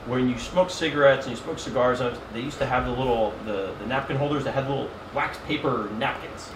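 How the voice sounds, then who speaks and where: A middle-aged man rattles off a crude, comic travel story at a quick clip, voicing everyone he quotes. He sits back from the mic in an echoey room with a steady hiss behind him. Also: medium pitch. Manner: animated, profane, comic storyteller who acts out quotes. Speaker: podcast guest. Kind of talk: casual storytelling chat. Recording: roomy, distant and noisy podcast mic.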